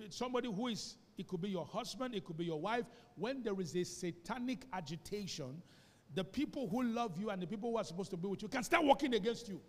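Nigerian pastor guy preaching loud then soft, asks the room to say amen, long echo in the hall. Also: high voice. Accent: Nigerian English. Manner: preaching with call-and-response, swinging between quiet asides and shouts. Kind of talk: sermon. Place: church hall.

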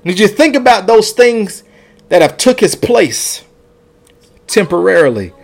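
A man's voice: sits high, very animated, moderate pace, gravelly, faint music behind. A man preaching a sermon, pleading and repeating his lines with rising and falling intensity.

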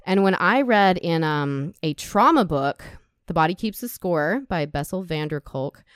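A woman's voice: on the low side, lively intonation, a little slow, clean tone, dry recording. A woman podcast guest talking candidly and emotionally in casual conversation, at times choked up. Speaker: podcast guest, sex educator.

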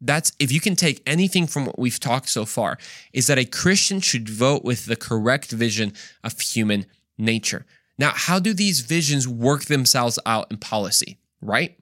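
A man's voice: medium pitch, expressive, normal speed, a bit bright, no room sound, clean studio sound. A man hosting a Christian podcast, talking emphatically in a monologue, firing off rhetorical questions and often repeating himself. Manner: repeats words and restarts often. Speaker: podcast host.

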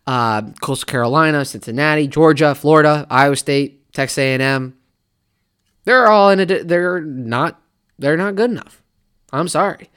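A man hosting a sports podcast, talking casually and animatedly in a rambling way, now and then slipping into mock fan voices. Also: fairly high pitch. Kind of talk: casual college football opinion talk.

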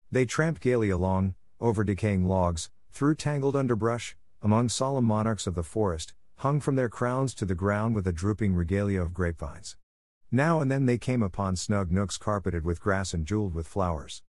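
An audiobook narrator with a low voice gives a measured, expressive reading of a classic story as scripted storybook narration. The recording is dry and cleanly studio-made.

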